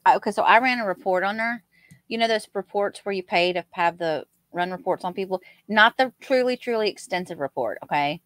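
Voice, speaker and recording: A woman's voice: mid-range voice, a little fast, a bit bright, no echo. A woman with a Southern US accent co-hosting a casual live stream, chatting and reading out viewers' comments. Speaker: co-host of a true crime live stream.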